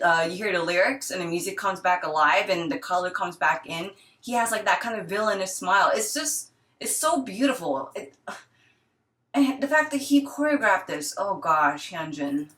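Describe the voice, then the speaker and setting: A woman in her thirties, a retired dancer, reviewing a dance video in a casual, excitable way with gasps and rambling asides. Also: medium pitch, normal speed, reverberant. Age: 30s. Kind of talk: casual reaction commentary.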